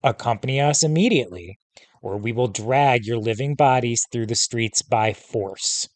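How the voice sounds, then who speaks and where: Brief: raspy, guttural undead captain, menacing, read by a man for a storybook. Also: medium pitch, moderate pace, no echo, close to an everyday voice. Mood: threatening.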